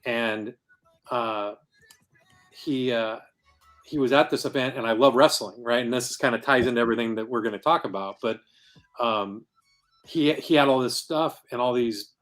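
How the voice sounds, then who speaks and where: A man's voice: mid-range voice, normal speed, fairly bright tone, faint music behind. A man talking as a guest on a podcast, telling how he founded a comic convention in an earnest, rambling way. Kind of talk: casual podcast interview.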